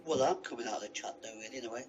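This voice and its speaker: A man's voice: medium pitch, very fast, dull audio, slight background noise. A man with a Coventry accent, chatting casually as a guest on a video call and often asking "you know what I mean". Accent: English Midlands, Coventry. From England. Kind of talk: casual chat.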